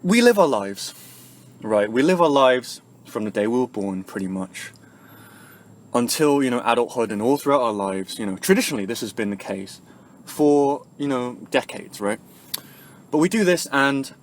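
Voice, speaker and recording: Man, vlog rant, mid-pitched voice, profane, rambling fillers, quiet then suddenly loud. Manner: rambling, profane, with constant "you know" and "right?" fillers; swings between quiet musing and loud angry outbursts. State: angry and frustrated. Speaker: vlogger.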